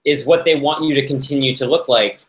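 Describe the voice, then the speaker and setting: A man's voice: medium pitch, brisk, a little hiss or hum. A young adult man hosting a casual recap chat, laid-back and playful, often laughing as he talks. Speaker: show host and former houseguest. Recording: roomy echo.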